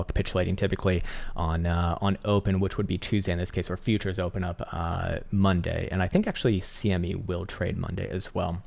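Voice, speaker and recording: A man with a low, gravelly voice walking through market charts in a loose, rambling way. He fills pauses with ums and uhs and drops the odd swear word as he talks through the numbers. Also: a little mellow. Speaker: crypto market analyst host. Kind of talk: casual chart analysis commentary.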